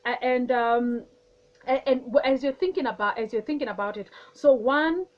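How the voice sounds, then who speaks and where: A woman's voice: high-pitched, moderate pace, highs cut off. A woman hosting a wellness talk, teaching in a patient way, often repeating phrases and restarting sentences.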